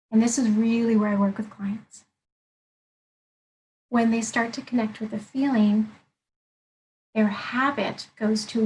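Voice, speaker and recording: Woman, life coach, interview guest; earnest, methodical explainer, slightly high voice. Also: a little mellow, slight background noise, low-quality recording. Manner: earnest, explanatory, walks through points one by one. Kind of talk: interview conversation.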